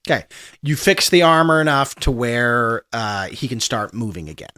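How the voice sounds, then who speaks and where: A man runs a tabletop role-playing game as game master, his voice at a middling pitch. He narrates in a loose, rambling way, full of fillers. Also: lively intonation, normal speed, bright, forceful tone, clean tone.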